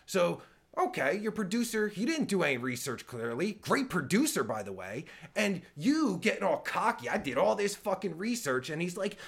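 A man rants on a live stream in a high, gravelly voice. He is sarcastic and profane, trips over his words, and swings wildly up and down in pitch. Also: sing-song, moderate pace, a bit bright. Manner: sarcastic, stammering, swears constantly. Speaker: podcast host reacting to a clip. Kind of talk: angry profane reaction commentary.

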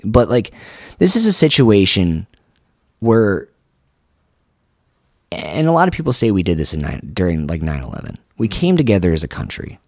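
A man's voice: on the low side, very animated, normal speed, pauses often, darkish tone, no echo, clean studio sound. A man co-hosting a podcast who rants in a heated, emphatic way and swears often. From United States. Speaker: podcast co-host. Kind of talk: casual podcast rant.

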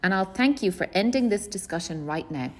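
A woman's voice: medium pitch, expressive, a little fast, darkish tone, pitched above the performer's own voice, lightly acted. A woman doing a curt, annoyed father. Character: irritated father, short and defiant. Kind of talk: audiobook character voice.

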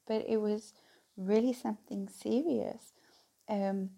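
Middle-aged woman, candid rambling vlogger, gravelly and mellow. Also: mid-range voice. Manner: candid, rambling, laughs between phrases. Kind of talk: casual personal talk to viewers.

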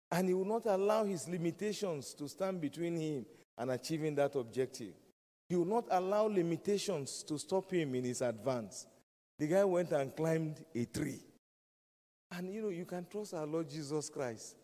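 Preacher man, dark voice, echoing hall. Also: on the high side. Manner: emphatic, repeats key phrases. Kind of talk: sermon. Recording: long reverb of a large hall.

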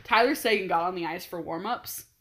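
A young woman chatting casually as a podcast co-host, excitable, swearing freely and laughing often. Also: on the low side, brisk. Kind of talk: casual chat, storytelling.

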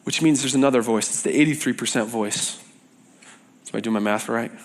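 A man's voice: mid-range voice, a little fast. A young adult man preaching a sermon to a youth group, telling stories and acting out the voices he quotes. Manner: animated storytelling, acts out quoted voices.

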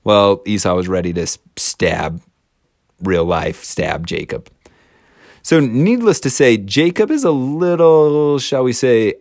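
A man's voice: lowish voice, a little mellow, dry recording, studio quality. A man teaching a casual scripture lesson, retelling the story with chatty, slangy asides.

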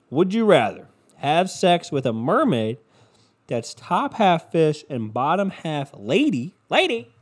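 A man's voice: medium pitch, darkish tone. A young man hosting his own podcast, telling stories in a casual, rambling, crude comedic way full of swearing. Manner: profane, rambling, crude humor. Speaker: podcast host.

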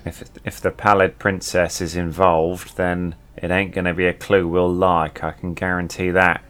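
A man playing his character in a tabletop game, speaking in a blunt, gruff and folksy way. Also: sits low, level tone, normal speed, fairly bright tone, faint music behind. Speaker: player. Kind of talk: in-character role-play.

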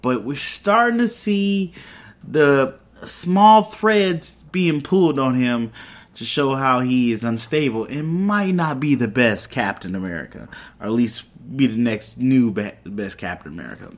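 A man in a mid-pitched voice recapping a show episode for his podcast. He talks in a loose, conversational way, drifting into asides and side comments as he goes. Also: lively intonation, unhurried. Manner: loose, chatty retelling with asides and laughs. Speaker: podcast host.

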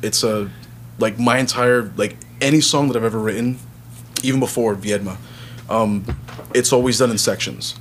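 Over a bit of background noise, a man with a medium-pitched voice talks at a normal speed. He sings and writes songs for a band, and in this casual interview he rambles through stories in a relaxed way, acting out the quotes.

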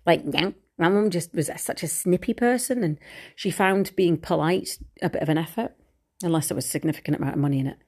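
A woman's voice: deep voice, quick pace, a little mellow, slightly rough. A middle-aged woman talking frankly and at length in a candid personal monologue, rambling and swearing casually. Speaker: vlogger.

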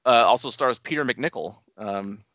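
A man's voice: lowish voice, normal speed, sharp tone, dry recording, muffled recording. A man co-hosting a podcast, chatting casually about movies in a rambling way and laughing often. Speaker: podcast co-host.

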